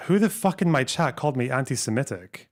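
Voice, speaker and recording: A man's voice: mid-range voice, animated, fast, darkish tone. A man streaming a live reaction, talking back at a video with profane, scornful sarcasm.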